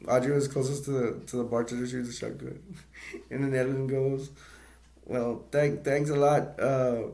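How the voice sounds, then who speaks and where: A man's voice: mid-range voice, level tone, moderate pace, gravelly, warm tone. A man casually retelling a movie's plot as a reviewer, rambling with many fillers, restarts and brief laughs.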